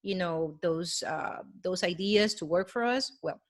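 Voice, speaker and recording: A woman's voice: fairly low pitch, unhurried, dry recording. A middle-aged woman, a wellness coach, giving an earnest, encouraging motivational talk with a guided breathing exercise, speaking straight to the listener.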